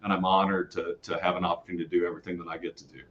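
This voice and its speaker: A lower-voiced man spins his stories in a rambling, lively way, doubling back on his words as he goes. The audio is dull and lo-fi, with the top end rolled off. He sounds like a guest on a casual interview show. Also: racing. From Kansas City area. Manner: rambling, animated storytelling with restarts. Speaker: guest storyteller and podcaster.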